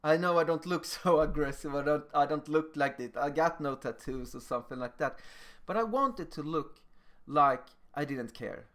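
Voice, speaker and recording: Animated young man telling his story. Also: on the high side, normal speed. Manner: animated, emphatic, acts out moments. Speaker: lecturer. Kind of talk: personal storytelling lecture.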